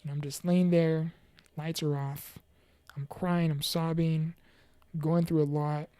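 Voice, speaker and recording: A woman giving an earnest, heartfelt personal testimony about mental health and faith, halting now and then with fillers and restarts. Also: deep voice, level tone, mellow, smooth, no room sound. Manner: preachy, faith-focused encouragement. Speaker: motivational speaker.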